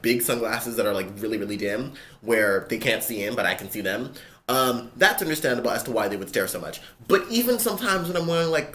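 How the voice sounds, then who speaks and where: A gender-fluid vlogger with a man's voice, ranting to camera in a casual, animated and exasperated way, swearing often. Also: mid-range voice, slight background noise. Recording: echoey room with faint ambience.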